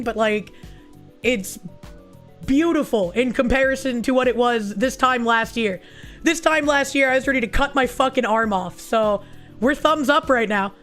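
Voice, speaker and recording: A woman streamer with a hoarse, raspy voice from recent illness, chatting casually and crudely while reading viewer messages. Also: high-pitched, a bit bright. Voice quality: raspy, husky. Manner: casual and crude, swears often. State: hoarse, losing her voice after illness. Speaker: VTuber streamer. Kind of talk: casual livestream chat reading super chats.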